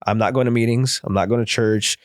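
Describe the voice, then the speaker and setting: A man, a therapist in recovery, telling his personal story as a guest in earnest, rapid present-tense bursts. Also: mid-range voice, steady tone, dry recording, clean studio sound.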